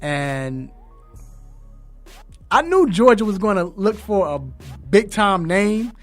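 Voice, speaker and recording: Brief: male sports talk host, slightly high voice, animated and loose, faint music underneath. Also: takes it slowly. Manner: animated, laughing, loose slangy banter. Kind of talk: casual sports commentary chat.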